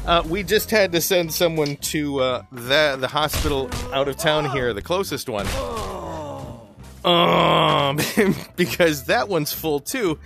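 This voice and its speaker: This gaming host's voice sits a little high, with lively intonation and a measured pace, and music runs underneath. He tells a long personal story conversationally during gameplay, laughing often and starting sentences over.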